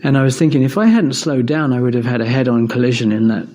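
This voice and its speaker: A fast-talking man from England, his voice medium in pitch and mellow, shares personal stories during an informal talk on evidence for God. He comes across as thoughtful and conversational, with lots of fillers.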